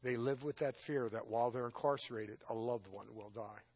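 A man's voice: medium pitch, a little fast, husky. A man preaching his personal testimony as an emotional storyteller. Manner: emotional storytelling, rising to loud intense peaks. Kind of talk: testimony sermon.

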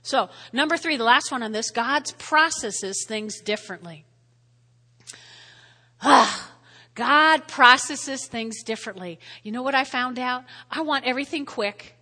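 Woman pastor, high-pitched and bright, conversational sermon with frequent "all right?" check-ins, long reverb. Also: measured pace. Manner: repeats key phrases for emphasis. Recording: long reverb of a large hall.

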